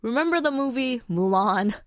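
A woman's voice: on the high side, animated, normal speed, no echo, studio quality. A woman with an American accent co-hosting a podcast in casual chat, talking easily with frequent laughs and fillers. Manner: chatty, laughs often, uses many fillers. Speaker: podcast co-host.

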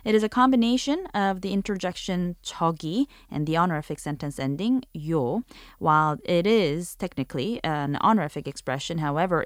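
Dry, clear woman teaching a language. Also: on the low side, dry recording. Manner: clear, explanatory, models phrases slowly. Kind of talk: scripted language lesson.

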